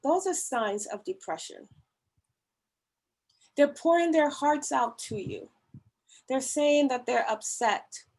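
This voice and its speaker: At a church women's ministry service held as an online meeting, a woman gives a talk on mental health, slowly and earnestly pleading with listeners to hear those in need. Her voice is high with lively intonation and a darkish tone, and the recording quality is low.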